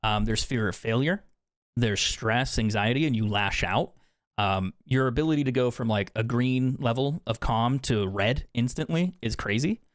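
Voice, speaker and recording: A man's voice: medium pitch, normal speed, no echo, studio quality. Candid, profane young man streamer. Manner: candid, profane, laughs often. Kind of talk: casual chat with stream viewers while gaming.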